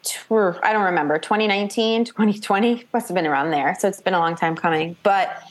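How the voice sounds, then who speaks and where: A woman author talking casually in an interview, chatty and animated, acting out quoted voices as she tells her story. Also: mid-range voice, fast talker. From New York / New Jersey. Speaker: author guest.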